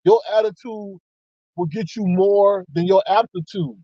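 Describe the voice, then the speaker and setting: A man telling a personal story to his viewers in a casual, animated way, acting out both sides with sudden excited jumps up in pitch. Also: measured pace, no room sound, muffled recording. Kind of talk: casual storytelling to a live audience.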